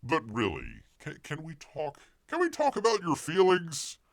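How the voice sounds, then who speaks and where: A man's voice: a little high, wildly swooping pitch, a little slow, gravelly, no room sound, studio quality, voice pushed up, heavily acted. A man mocking a male superhero actor as a dopey, rambling guy who keeps repeating himself. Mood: goofy. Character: goofy mocked male superhero actor, clueless and earnest.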